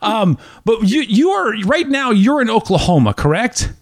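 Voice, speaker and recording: A man's voice: very high-pitched, normal speed, no room sound, studio quality. A man hosting a running podcast, chatty and enthusiastic. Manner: enthusiastic, lively, chatty with restarts. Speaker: podcast host. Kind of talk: casual interview chat.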